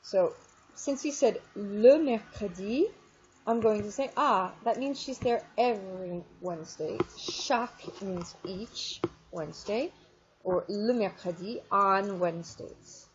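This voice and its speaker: A woman teaching French in a recorded online lesson. She explains step by step and says French examples slowly and clearly. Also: medium pitch, noisy background. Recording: dull lo-fi screen recording.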